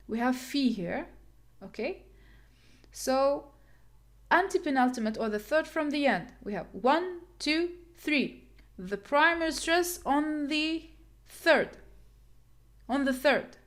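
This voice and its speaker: A woman teaches English word stress in a patient, unhurried way. She says each example word twice and counts the syllables out loud. Her voice sits a little high and she speaks slowly. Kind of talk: classroom lesson on word stress.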